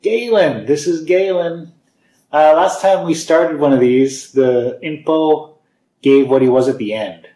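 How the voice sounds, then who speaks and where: This host of a video series on games and source code talks slowly, his voice on the high side with a dark tone. He gives relaxed, rambling commentary as he plays and looks through code, full of fillers and little laughs.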